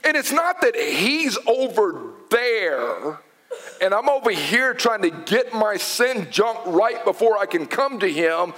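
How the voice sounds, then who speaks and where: Lively high-voiced male preacher. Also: slow pace. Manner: dramatic, dropping to whispers for emphasis. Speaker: pastor. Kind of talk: sermon.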